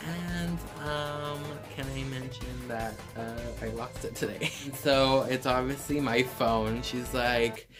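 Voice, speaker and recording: A young man casually telling a dramatic high school story, cursing often and saying "like" constantly. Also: slow pace, hardly any pauses, music in the background. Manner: casual, profane, dramatic, heavy filler use. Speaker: YouTuber. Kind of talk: storytime vlog.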